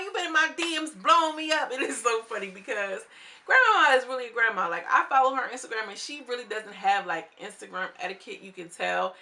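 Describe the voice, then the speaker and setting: A young woman talks through a reality show episode in a loose, chatty way, full of sass. Her voice is bright and forward and sits a little high. She keeps slipping into quick impressions of the people she quotes. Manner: animated and sassy, acts out quotes of cast members. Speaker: reality TV recap vlogger. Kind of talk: casual chat, episode recap.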